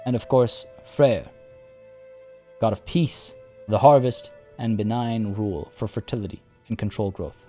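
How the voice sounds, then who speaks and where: A man's voice: on the low side, normal speed, soft background music. Chatty man streaming a strategy game. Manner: chatty, reads chat aloud and thinks out loud. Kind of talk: live game streaming commentary.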